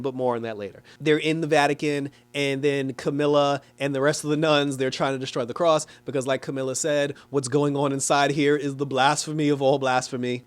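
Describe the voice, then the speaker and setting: A man giving a casual, animated review of a TV episode, talking loosely with lots of "like" and quick laughs. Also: on the high side, clear, resonant tone. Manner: animated, chatty, frequent "like" and laughs; acts out characters in exaggerated quoted voices. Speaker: TV show reviewer.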